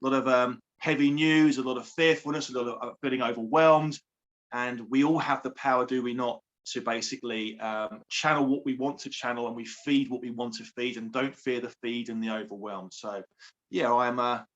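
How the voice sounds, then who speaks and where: A man's voice: mid-range voice, steady tone, moderate pace, a bit bright, lo-fi sound. Chatty upbeat man in his forties. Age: 40s. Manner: effusive, repeats words, friendly and chatty. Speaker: guest, empowerment coach and author. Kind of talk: upbeat interview talk.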